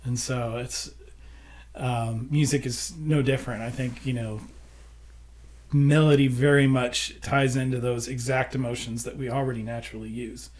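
A man's voice: mid-range voice, steady tone, normal speed, darkish tone. An American man talking casually about songwriting, explaining ideas and humming musical examples. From United States. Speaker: songwriter and producer. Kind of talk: casual conversation.

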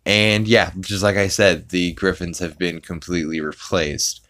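Low-pitched male podcast host; loose, rambling recap. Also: little pitch movement, measured pace, sharp tone. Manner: rambling, many fillers, acts out quotes. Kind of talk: casual episode recap.

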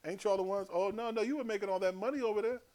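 A man preaching voices a blunt, mocking male prophet who scolds a crowd with rapid-fire accusations. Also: high-pitched, darkish tone, pitched above the performer's own voice, lightly acted. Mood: accusing.

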